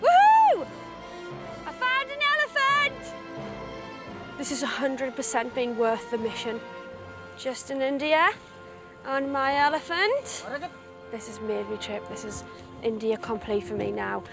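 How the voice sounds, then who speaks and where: A young woman in her twenties with a Northeast English accent, gushing and squealing with excitement outdoors as she presents a travel show. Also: on the high side, a little slow, creaky, over music. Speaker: reality TV presenter. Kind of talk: excitable travel vlog chat.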